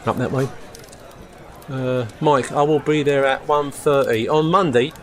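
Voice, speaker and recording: With a measured pace and fairly even intonation, a man in the middle of his range hosts a rambling, casual live stream. His tone is fairly bright as he calls his viewers mate, but he's forgetful and keeps losing his thread.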